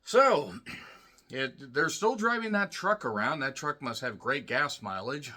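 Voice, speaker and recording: A man giving a solo review, talking in a sarcastic, profane, ranting way with frequent asides and throat-clearing. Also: mid-range voice, animated, slow, bright, forceful tone. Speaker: wrestling show reviewer.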